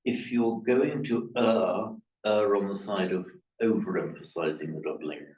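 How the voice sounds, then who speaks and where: A man teaching a language class, correcting his students' pronunciation in a halting, repetitive way. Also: on the low side, a little mellow. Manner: hesitant, repeats words, corrects pronunciation. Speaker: Pali teacher. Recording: echoey room, mic far off.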